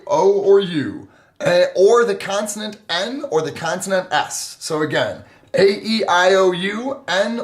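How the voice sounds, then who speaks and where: Upbeat man co-hosting a language podcast. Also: fairly high pitch. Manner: enthusiastic, with lots of fillers and self-corrections. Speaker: podcast co-host. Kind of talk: casual explanatory chat.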